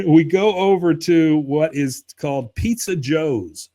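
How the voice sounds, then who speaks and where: A man's voice: fairly high pitch, takes it slowly, mellow. A man, co-hosting a podcast and casually recapping a cartoon episode, acting out the characters' lines as he tells it. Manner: laid-back storyteller, acts out quoted lines. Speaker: podcast co-host.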